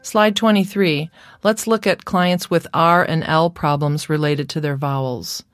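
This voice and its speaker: A woman's voice: low voice, dry recording, faint music behind. A woman lecturing on speech therapy in a careful, scripted instructional narration. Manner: slow, careful, demonstrates sounds.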